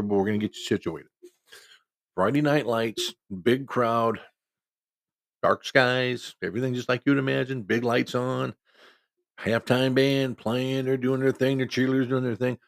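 A man's voice: mid-range voice, no room sound. A middle-aged man from Iowa, a football referee, telling a story in a folksy, conversational way and quoting people in his own voice. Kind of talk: casual spoken storytelling.

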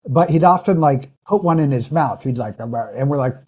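A man's voice: on the high side, normal speed, dark tone, husky. A man who serves as a pastor, talking through a personal story in a casual interview, earnest and reflective, often restarting his sentences.

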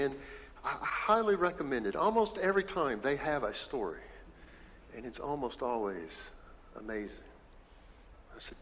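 A male pastor telling a story during a sermon, moving between hushed, intimate passages and emphatic declarations. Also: medium pitch, very animated, normal speed, a little hiss or hum. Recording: reverberant hall, faint ambience.

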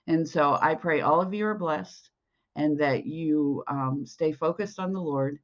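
Devotional podcast preacher, unhurried and earnest, reading scripture; dull lo-fi recording. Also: medium pitch. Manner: slow, earnest, reads scripture aloud. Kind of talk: devotional sermon.

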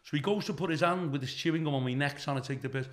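A man's voice: on the high side, racing. A middle-aged man from the UK, a comedian guest telling a profane anecdote and acting out the people in it. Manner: animated, acts out the people in his stories.

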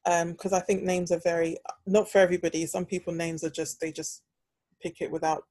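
A woman's voice: on the low side, little pitch movement, fairly quick, mellow, dry recording. A young British woman chatting casually on a podcast and telling a story animatedly, acting out the voices she quotes. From United Kingdom. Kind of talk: casual chat.

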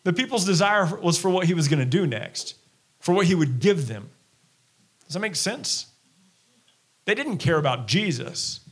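High-voiced animated male preacher. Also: moderate pace, long pauses, breathy edge. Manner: animated preaching, acting out the crowd and Jesus in quoted voices. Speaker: pastor. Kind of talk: sermon.

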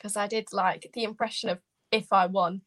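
A woman's voice: mid-range voice, fairly even intonation, normal speed, a bit bright. A woman who is a guest on a podcast, chatting casually and laughing self-consciously. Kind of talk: casual chat.

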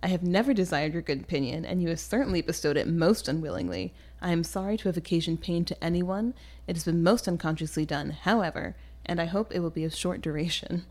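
A woman reading the lines of a sharp-tongued young woman rejecting a proposal, in a measured, cutting, formal delivery. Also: lowish voice, lightly acted. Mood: cold, measured.

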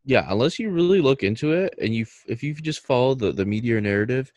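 A man's voice: mid-range voice, expressive, fast talker, darkish tone, no room sound, lo-fi sound. A man co-hosting a podcast in casual chat, explaining things steadily and chuckling easily. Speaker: podcast co-host.

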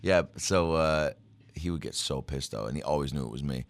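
A young man with a very deep voice tells rambling, profane school stories in loose, casual chat. The sound is dry and close. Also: a little fast, no room sound. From Seattle area, USA. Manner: rambling, profane, puts on voices of old teachers.

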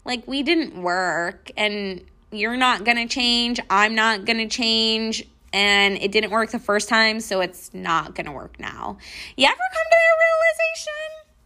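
Bright chatty young woman podcaster. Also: mid-range voice, slow, few pauses. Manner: chatty, frequent "like", mocking retellings. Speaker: podcast host. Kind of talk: casual storytelling to listeners.

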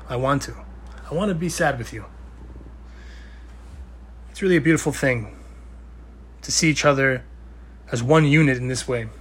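A man's voice: fairly high pitch, fairly bright tone. A young man giving an earnest, conversational weekly Torah talk, with Hebrew and Yiddish terms mixed in. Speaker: Torah speaker.

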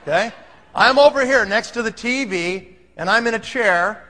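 A man telling a story to an audience, animated and acting out the scene. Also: high-pitched, moderate pace. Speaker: speaker telling a sales story. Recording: long hall reverb.

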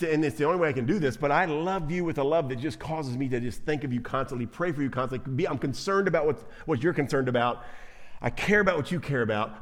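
A man preaching a sermon as pastor, animated, acting out quoted voices and often repeating himself. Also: on the high side.

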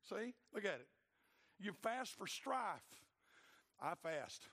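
A man preaching a sermon, swinging between loud, fired-up passages and low, quiet asides. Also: very animated, slow pace, slightly rough. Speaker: pastor.

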